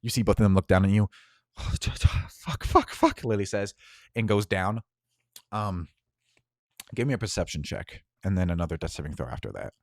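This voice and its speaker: Low-voiced man running a tabletop game. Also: a little fast, long pauses, a little mellow, no echo. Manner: casual, with many filler ums. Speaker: game master.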